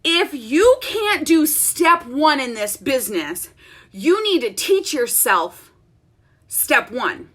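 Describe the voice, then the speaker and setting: A woman vlogging from her home office, telling an animated, laughing story in a chatty, casual way. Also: high voice, takes it slowly. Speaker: network-marketing business leader and vlogger.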